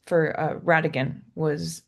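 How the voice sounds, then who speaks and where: A woman's voice: deep voice, fairly even intonation, unhurried, creaky. A young woman co-hosting a podcast, chatting casually and retelling scenes with giggles and acted quotes. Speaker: podcast co-host. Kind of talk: casual chat.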